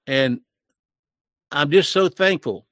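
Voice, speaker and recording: A man's voice: on the high side, takes it slowly, a bit bright, no echo, studio quality. An older man in his sixties giving emotional, preachy commentary in a sermon-like style, with his voice rising when he gets worked up.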